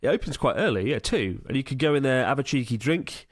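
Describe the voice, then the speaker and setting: A man's voice: mid-range voice, expressive, fast talker, dry recording, clean studio sound. A man co-hosting a podcast, chatting casually and telling anecdotes in a loose, conversational way. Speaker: podcast co-host. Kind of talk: casual chat.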